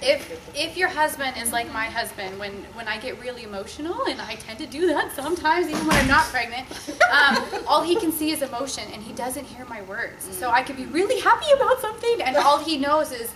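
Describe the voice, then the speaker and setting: A woman in her thirties chatting casually in a faith-based talk, animated and quick to laugh while telling stories. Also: high voice, crowd noise. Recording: echoey room with background noise.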